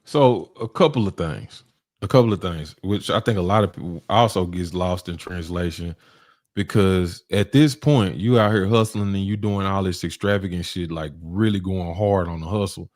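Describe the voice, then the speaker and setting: A man's voice: low voice, normal speed, a little mellow, no echo, clean studio sound. A man hosting a casual interview, reacting with short exclamations and recapping his guest's story. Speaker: host.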